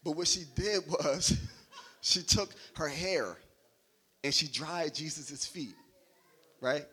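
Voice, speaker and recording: A man's voice: fairly high pitch, lively intonation, takes it slowly, sharp tone, breathy edge. A young adult man preaching a sermon in a loose, joking, conversational way, checking in with "right?" after nearly every point.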